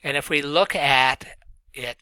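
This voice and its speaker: A male literature lecturer talks through his material in a steady, explanatory way, dropping in "uh" between points. His voice sounds bright and forward. The recording is dry, with almost no room echo. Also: a little high, smooth. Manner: measured explaining with frequent "uh" fillers.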